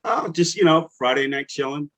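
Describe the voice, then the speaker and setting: A man co-hosting a music reaction show, easygoing and quick to laugh in casual chat. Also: on the high side, fairly bright tone. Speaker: co-host picking songs.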